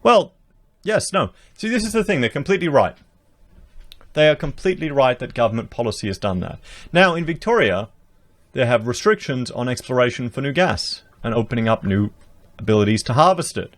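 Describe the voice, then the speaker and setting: Gravelly Australian man ranting at his viewers. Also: mid-range voice, very animated, fairly quick. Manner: emphatic, rhetorical, addresses viewers as guys. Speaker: political commentary vlogger. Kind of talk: opinionated commentary reading news. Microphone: podcast dynamic mic.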